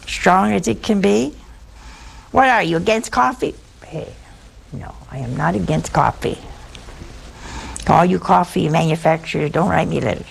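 A woman's voice: lowish voice, moderate pace, vocal fry, long pauses, slightly rough. A woman giving a humorous sermon in a folksy, teasing way, acting out everyday anecdotes for her listeners. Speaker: preacher.

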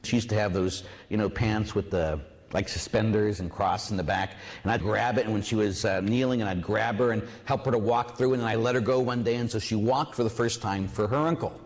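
A priest giving a sermon, telling a personal story with lively asides and acting out voices. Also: male voice, lowish voice, a little fast. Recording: long hall reverb.

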